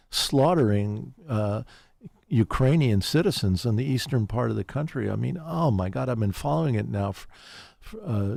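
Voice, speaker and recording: A man's voice: lowish voice, gravelly, mellow, dry recording. A man giving an interview, talking urgently, with emphatic repetitions and frequent fillers. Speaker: interview guest, peace activist. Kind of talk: earnest conversational interview.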